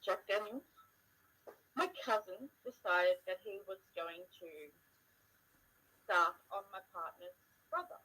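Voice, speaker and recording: Blunt, husky-voiced young woman telling stories. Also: medium pitch, animated, slow pace, pauses often, pushed and bright, low-quality recording. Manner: blunt, swears freely, laughs at her own stories. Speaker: daughter telling stories to her mother. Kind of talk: casual storytelling chat.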